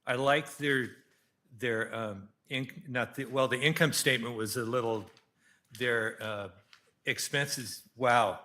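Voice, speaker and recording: A man on a city council, speaking haltingly with many restarts while questioning a company's financials. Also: mid-range voice, sharp tone. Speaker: council member. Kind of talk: council deliberation.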